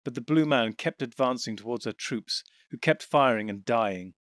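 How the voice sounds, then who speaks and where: A man narrating an audiobook in an even, steady storytelling voice on a close mic. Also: mid-range voice, moderate pace, dry recording.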